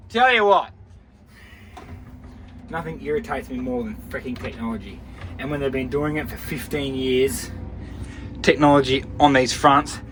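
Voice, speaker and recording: A tired man talks casually from his harvester cab, grumbling and swearing freely while joking along. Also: mid-range voice. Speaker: harvest contractor vlogger. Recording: loud engine noise behind.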